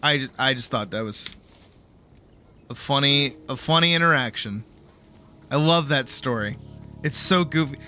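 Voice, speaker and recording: A man from Boston, a streamer telling a goofy travel story in a casual, animated way, swearing freely. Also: mid-range voice, a little slow, pauses often, faint music behind. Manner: animated, swears, laughs often.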